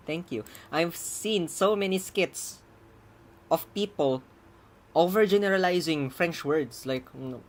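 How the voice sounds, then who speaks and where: In a slow, mid-range voice, this programmer talks through a live-coding stream of their own work. They ramble, chuckle and mutter as they debug, with typing audible in the background.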